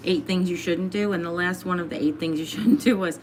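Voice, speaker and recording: A woman hosts a casual livestream from her home, chatting easily and reading viewer comments aloud. Her voice sits a little low and she laughs often. A faint background hum runs under her talk. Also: fast talker, few pauses. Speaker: livestream host.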